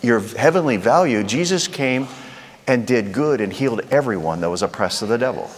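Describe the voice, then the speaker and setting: A man's voice: medium pitch, animated, moderate pace, big-room sound. A man preaching a sermon in a conversational way, asking the crowd rhetorical questions.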